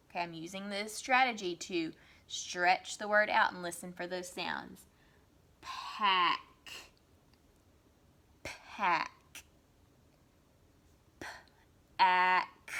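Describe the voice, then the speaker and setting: Woman, young adult, first grade teacher, recorded lesson, slow sounding out, encouraging. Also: medium pitch, a bit bright. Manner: slow, stretched-out sounding of words; encouraging, reassuring. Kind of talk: recorded remote writing lesson for young children.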